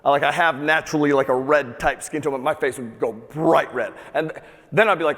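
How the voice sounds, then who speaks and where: Energetic, profane motivational speaker in a hall. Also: male voice, mid-range voice, fast. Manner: energetic, profane, calls for audience repeats. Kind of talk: live motivational talk to an audience. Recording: long hall reverb.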